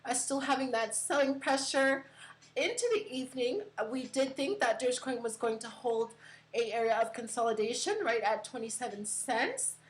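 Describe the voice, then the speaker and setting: Casting: woman host, slightly high voice, casual stream chat full of uhs and light laughs. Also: normal speed, poor audio. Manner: chatty, many fillers and uhs, giggly.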